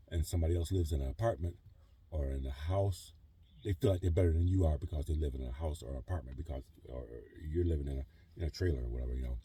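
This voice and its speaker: Male vlogger, middle-aged, very dark and mellow tone, loose filler-heavy monologue. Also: deep voice, breathy edge. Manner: rambling, heavy on fillers like "you know" and "whatever". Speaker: vlogger living in a truck camper. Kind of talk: casual rambling monologue. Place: truck camper in a trailer park.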